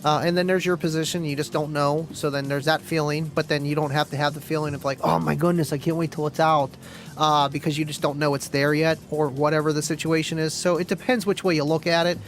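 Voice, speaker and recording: Chatty high-voiced male stream host. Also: flat delivery, fast, faint music behind, rough recording. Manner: rambling, chatty, reads viewer comments aloud, clears throat often. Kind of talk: casual live-stream chat.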